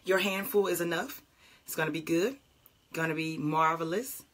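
Bright-voiced woman pastor praying. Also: fairly low pitch, moderate pace. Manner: warm, chatty greetings to viewers by name; fervent flowing prayer. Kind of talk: morning prayer livestream.

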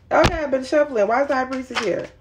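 A woman's voice: high-pitched, background noise. A woman giving a casual tarot reading, chatty and rambling, talking straight to her viewers in an informal, slangy way. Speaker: tarot reader.

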